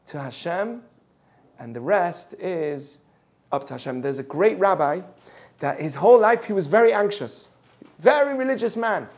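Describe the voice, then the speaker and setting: A man with a fairly high, light voice gives a Torah lesson in a classroom. He tells stories and often turns to the students with questions. In the tense parts of a story his voice drops soft and low. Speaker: Torah teacher.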